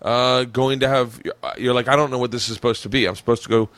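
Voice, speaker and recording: A man hosting a podcast, chatting in an animated, profane way and laughing often. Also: medium pitch, quick pace, clean tone, no echo. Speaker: podcast host. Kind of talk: casual podcast chat. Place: home podcast room.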